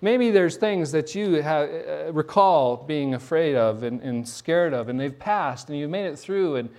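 This middle-aged pastor's voice is fairly high and a little slow as he delivers an animated, story-driven sermon. He frequently restarts and repeats words.

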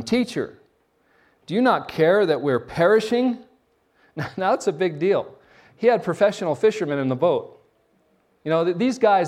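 Animated man preaching a sermon. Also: on the high side. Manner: animated storytelling with frequent restarts and repeated words. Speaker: pastor.

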